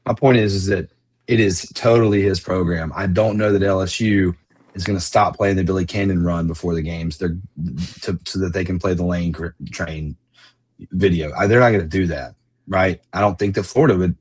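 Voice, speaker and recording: A man's voice: sits low, fairly even intonation, fairly quick, slightly rough. A man co-hosting a sports podcast, thinking aloud in a rambling, conversational way. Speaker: podcast co-host. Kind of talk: casual sports chat.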